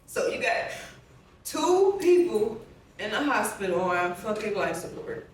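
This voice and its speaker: A woman's voice: mid-range voice, very animated, measured pace. A woman being interviewed for a documentary, telling a personal story in a blunt, profane, rambling way with many fillers. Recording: very echoey room, distant mic, soft music underneath.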